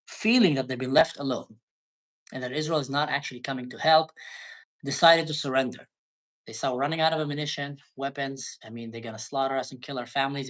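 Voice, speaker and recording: A man's voice: a little high, a bit bright. A man speaking as a guest in a live-stream discussion, talking emotionally and often breaking off to restart his sentences.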